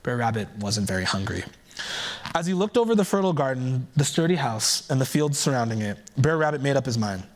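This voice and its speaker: A man giving a keynote by telling a folktale aloud in a relaxed storytelling manner, adding conversational asides as he goes. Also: medium pitch, a little fast. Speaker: keynote speaker. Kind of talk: oral storytelling.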